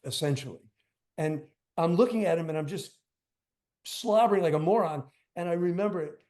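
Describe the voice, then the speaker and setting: Older man guest, rambling emphatic storyteller, slightly high voice, casual interview. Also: a little fast, darkish tone. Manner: rambling, emphatic, filler-heavy. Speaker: guest drummer.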